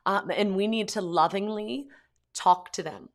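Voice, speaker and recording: At a measured pace and in a mid-range voice, a mother who vlogs about Catholic pro-life topics speaks casually to camera from her home, leaning heavily on "like" and "um."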